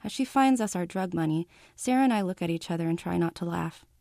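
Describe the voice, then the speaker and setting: A woman author reading a passage of her novel aloud in a calm, measured first-person narration. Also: on the low side, creaky, dry recording, clean studio sound.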